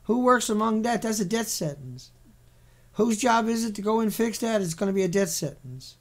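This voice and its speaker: A man's voice: high voice, animated, moderate pace. A man giving sarcastic, ranting commentary on a series of pictures, mocking and repetitive in his delivery. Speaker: video commentator.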